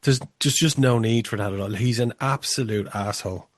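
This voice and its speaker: Blunt, opinionated man, lowish voice. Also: fairly quick, no room sound, studio quality. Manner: opinionated, blunt, swears freely. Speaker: podcast co-host. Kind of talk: casual podcast chat.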